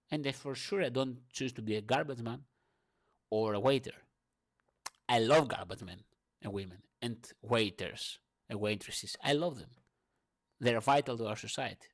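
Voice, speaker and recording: A young man ranting through a morning monologue in his second language. He swears freely and swings between loud outbursts and low murmurs. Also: normal speed. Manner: speaks English as a second language. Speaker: vlogger.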